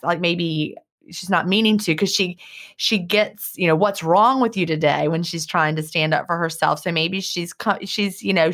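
Brief: lower-voiced woman, podcast co-host, thoughtful, laughs easily. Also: a bit bright. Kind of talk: casual advice chat.

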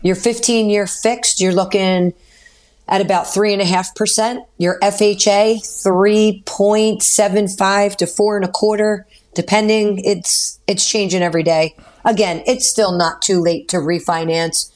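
Woman on talk radio, mortgage explainer, brisk, practical, casual. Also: mid-range voice, steady tone, darkish tone. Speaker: mortgage expert co-host.

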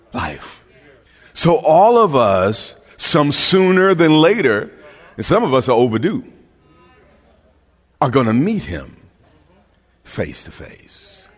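Slow, animated preaching man in a hall. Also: medium pitch. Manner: impassioned preaching with stammered restarts, rising to shouts. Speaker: pastor. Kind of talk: sermon. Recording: long hall reverb.

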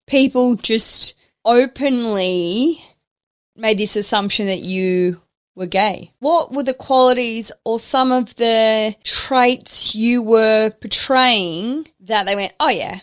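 A woman's voice: fairly high pitch, slow pace. A woman hosting an interview podcast, asking probing, reflective questions. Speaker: podcast host. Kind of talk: interview chat.

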